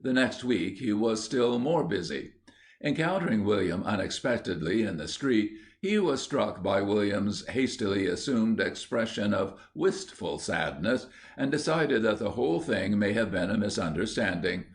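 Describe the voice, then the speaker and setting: A man narrating a children's storybook in an even storytelling manner. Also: fairly low pitch, moderate pace. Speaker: audiobook narrator. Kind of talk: scripted narration.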